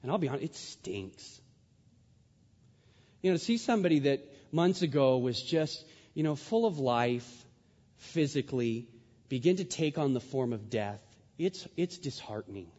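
A man preaching a sermon in a church, swinging from hushed, drawn-out words to loud, rising passages. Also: medium pitch, lively intonation. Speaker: pastor. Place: church sanctuary. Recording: dull sound with long hall reverb.

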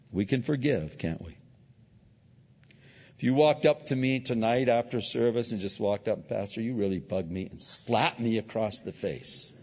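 Casting: male pastor mid-sermon, lively delivery, slightly husky, recorded with a long reverb in a church. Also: mid-range voice. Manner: animated, acts out voices in anecdotes. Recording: dull lo-fi audio with long hall reverb.

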